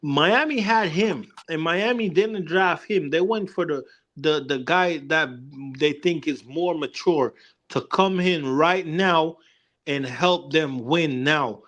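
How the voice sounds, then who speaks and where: A man's voice: fairly high pitch, slow, fairly bright tone. A young man co-hosting a casual sports debate, talking emphatically and rambling, often repeating himself to hold the floor. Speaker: co-host.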